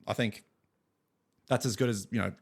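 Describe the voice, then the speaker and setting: A young man co-hosts a music podcast with dry, teasing humor. His voice is on the lower side, and his delivery is casual and unhurried. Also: steady tone, gravelly, breathy edge. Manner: dry, teasing, laughs easily. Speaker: podcast co-host. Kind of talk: casual chat.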